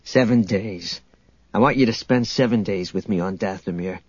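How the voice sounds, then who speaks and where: A man's voice: on the low side, normal speed, a little mellow, slightly rough, no room sound, voice pushed down. A man voicing a cocky, roguish male starship captain who talks in a laid-back, teasing way, in a dull, dry audiobook recording. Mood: earnest.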